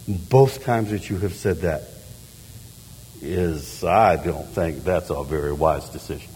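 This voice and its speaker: Man, middle-aged pastor, sermon, animated quiet-to-loud delivery, long reverb in a large church. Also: sits low, slight background noise. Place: church sanctuary.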